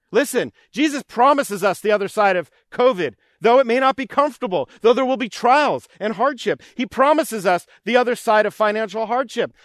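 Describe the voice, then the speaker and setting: Male pastor, high light voice, earnest repetitive sermon delivery, dry recording. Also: fairly bright tone, no room sound. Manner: earnest, repetitive preaching cadence, voicing pleading prayers.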